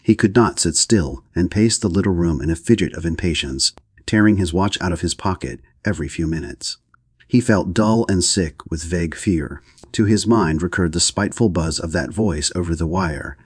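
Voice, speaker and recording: A man reading a classic novel aloud as an audiobook narrator, in a steady, even manner. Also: deep voice, moderate pace, husky, dry recording, studio quality.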